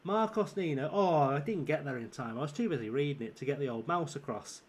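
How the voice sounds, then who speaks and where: A man's voice: a little high, expressive, fairly quick, a little hiss or hum. A tired man with a northern English accent and a sore throat coming on, chatting and swearing his way through live game commentary while teasing his viewers. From southern England. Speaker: streamer. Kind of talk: live gameplay commentary and chat.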